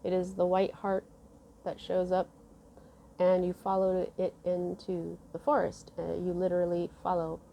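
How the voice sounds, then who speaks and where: A woman giving a casual tarot reading, musing slowly with many fillers and restarts. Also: fairly low pitch, completely flat delivery, vocal fry, dull audio, slight background noise. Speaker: tarot reader.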